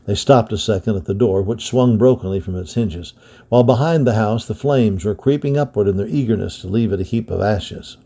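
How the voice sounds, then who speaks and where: A man reading an adventure story aloud with steady, dramatic storytelling. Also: on the low side, fairly quick, husky. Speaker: storybook reader. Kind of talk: scripted narration of an adventure story.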